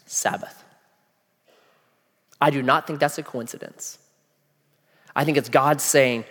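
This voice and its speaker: A man preaching a sermon in a casual, animated way, using slang and asking the listeners questions. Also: mid-range voice, slow, pauses often. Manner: animated, acts out voices of people in the story. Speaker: pastor. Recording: long hall reverb.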